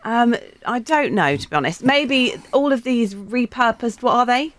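A woman's voice: fairly high pitch, lively intonation, moderate pace. A woman co-hosting a radio show, skeptical and matter-of-fact, often laughing in casual studio chat.

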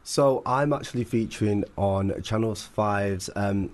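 A man appearing as a guest on a show, talking in a relaxed, upbeat way. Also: lowish voice, measured pace. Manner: relaxed, upbeat, uses fillers. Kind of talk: casual chat.

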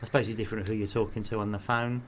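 Podcast cohost guy, lowish voice, dry and measured, slight hum in the room. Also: little pitch movement. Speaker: podcast co-host. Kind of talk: casual chat.

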